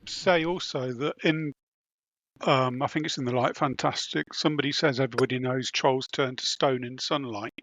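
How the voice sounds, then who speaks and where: A man in a casual book discussion, speaking in a measured, wry way. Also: medium pitch, steady tone, fairly bright tone, no echo. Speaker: book club member. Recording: dull, dry lo-fi sound.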